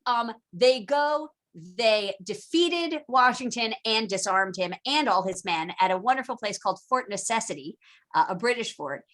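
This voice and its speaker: A woman giving a casual online lecture over a video call, chatty and animated, acting out historical figures in jokey quoted voices. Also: on the high side, normal speed. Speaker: teacher.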